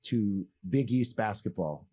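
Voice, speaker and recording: A lowish voice with a breathy edge, a little slow: a Massachusetts man in his thirties who once played pro basketball, telling his story as a guest. He's casual and candid, animated, rambling and joking.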